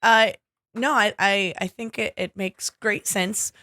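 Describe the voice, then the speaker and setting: A woman in casual podcast chat with a mid-range voice, tossing off quick jokes. She swears freely and laughs along with her co-host. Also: medium pitch, fairly even intonation, pushed and bright, no room sound, studio quality. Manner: profane, joking, quick quips.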